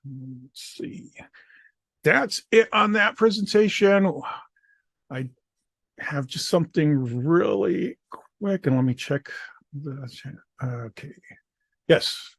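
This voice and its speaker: A man giving a program presentation, speaking in a halting way with frequent filler pauses. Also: fairly high pitch, expressive, creaky, a bit bright, no echo, studio quality. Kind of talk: conference presentation.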